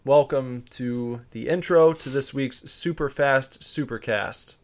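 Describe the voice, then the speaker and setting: A man's voice: mid-range voice, takes it slowly. Man, podcast co-host, casual rambling chat, easygoing fillers.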